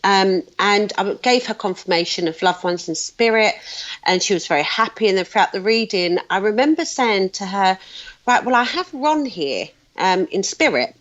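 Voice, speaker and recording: A woman's voice: medium pitch, animated, moderate pace, a bit bright. A British woman in her thirties or older, a psychic guest telling stories in a casual podcast interview, chatty with frequent fillers. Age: 30s or older. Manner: chatty storyteller, laughs often, many fillers. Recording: slightly dull lo-fi audio.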